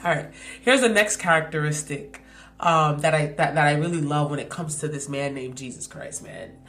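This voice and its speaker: A young woman hosting a podcast, sharing a casual, heartfelt devotional reflection with slang and emphatic repeats, her voice going a bit hoarse. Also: deep voice, normal speed, a bit bright, soft background music. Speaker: podcast host.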